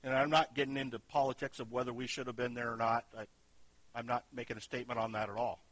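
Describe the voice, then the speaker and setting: A man preaching a sermon, earnest, moving between loud emphatic lines and quiet hushed ones. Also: mid-range voice, flat delivery, fast, no room sound, rough recording. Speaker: pastor.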